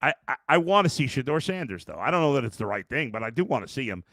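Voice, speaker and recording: Ranting gravelly sports podcast host. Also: male voice, medium pitch, big pitch swings, quick pace, a bit bright, dry recording, studio quality. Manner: ranting, exasperated, with many restarts. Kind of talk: post-game sports talk, reading chat.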